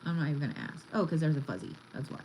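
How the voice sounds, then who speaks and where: A woman's voice: low-pitched, lively intonation, very fast, darkish tone, a little hiss or hum, poor audio. A woman giving a casual card reading, chatty and blunt, swearing freely as she talks. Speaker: tarot reader.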